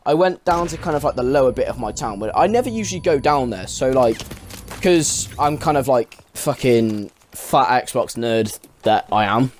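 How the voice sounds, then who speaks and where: A man's voice: mid-range voice, expressive, moderate pace, a little hiss or hum. A young man telling a story casually to camera, rambling, swearing often and leaning on filler words. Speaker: vlogger.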